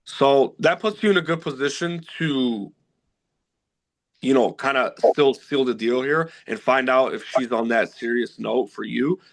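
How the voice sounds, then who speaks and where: A man giving calm, practical dating advice step by step. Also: mid-range voice, unhurried, gravelly. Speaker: matchmaker. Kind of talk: casual coaching chat.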